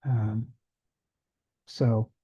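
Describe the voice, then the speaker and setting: A man hosting an online discussion group in a casual lecture style, lively and acting out quoted voices. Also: fairly low pitch, extremely slow, highs cut off. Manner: animated, acts out quoted voices.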